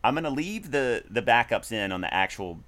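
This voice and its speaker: A man's voice: medium pitch, very animated, brisk, fairly bright tone. A man co-hosting a podcast, chatting casually from his garage about a song he covered, rambling with restarts and singing short snippets. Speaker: podcast co-host and musician. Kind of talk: casual chat. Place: home garage.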